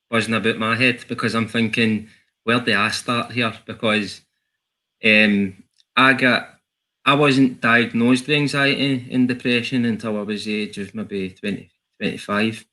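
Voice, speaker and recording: Bright-voiced Scottish man. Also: medium pitch, steady tone, moderate pace, low-quality recording. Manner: joking, self-mocking about his accent. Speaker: guest. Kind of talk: candid personal story.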